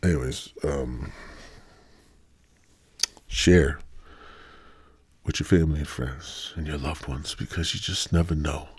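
A man's voice: extremely low pitch, slow, pauses often, husky, no echo. A man hosting his own podcast alone, rambling and swearing constantly, sighing and feeling a little sick as he talks. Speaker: podcast host. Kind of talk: rambling solo podcast rant.

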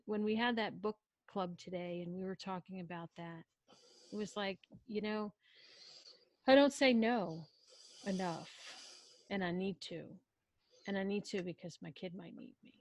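A woman recounts a story in a loose, conversational way, jumping into quoted lines and cutting herself off mid-thought. Her voice sits at an ordinary middle pitch. The recording is dry and close, with no room sound. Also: no echo. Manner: animated, acts out quotes, self-interrupting. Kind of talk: casual storytelling.

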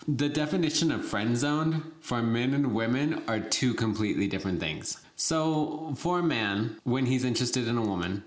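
A woman co-hosting a podcast in casual chat, frank and playful. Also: extremely low pitch. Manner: frank, playful, lively intonation. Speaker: podcast co-host. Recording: echoey room.

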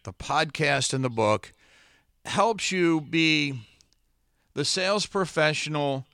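Slow, deliberate male podcast host. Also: on the high side, fairly bright tone, clear, resonant tone, no room sound, studio quality. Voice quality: trained broadcaster voice. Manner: slow deliberate delivery with dramatic pauses; earnest, heartfelt. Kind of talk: solo podcast monologue.

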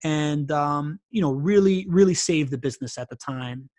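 A man guesting on a podcast, telling stories in an animated, casual way full of fillers and "right?" tags. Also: a little high, moderate pace, no room sound, studio quality. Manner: animated, filler-heavy, keeps asking "right?". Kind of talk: casual interview storytelling.

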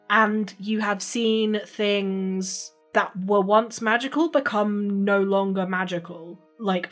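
Woman GM, casual narration, mid-range voice, light music bed. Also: medium pitch. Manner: casual, swears, restarts mid-sentence. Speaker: game master. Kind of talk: narrating a tabletop game.

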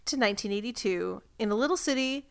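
A woman's voice: fairly high pitch, expressive, quick pace, gravelly, clear, resonant tone. A woman co-hosting a casual recap podcast, talkative and explaining things with lots of asides. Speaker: podcast co-host.

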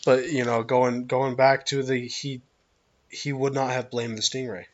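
A man co-hosting a casual podcast, telling stories in a relaxed, rambling way with lots of restarts. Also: mid-range voice, a little slow, highs cut off. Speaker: podcast co-host. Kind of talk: casual chat.

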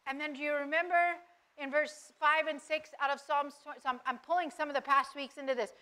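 A woman's voice: high voice, steady tone, fairly quick, sharp tone. A woman giving earnest devotional Bible teaching, asking listeners rhetorical questions.

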